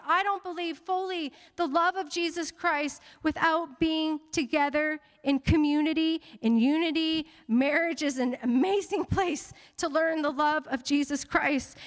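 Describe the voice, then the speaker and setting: A woman pastor preaching a sermon to a congregation, animated and playful, with teasing asides. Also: extremely high pitch, long reverb tail. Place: church sanctuary.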